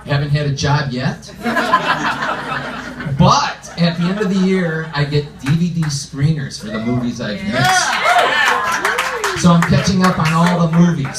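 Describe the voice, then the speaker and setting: A man's voice: on the high side, recorded from a distance, noisy background. A man doing a stand-up comedy set on a club stage, telling self-deprecating stories in a conversational way. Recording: roomy club sound from off-mic, with a loud audience. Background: audience laughter and shouts.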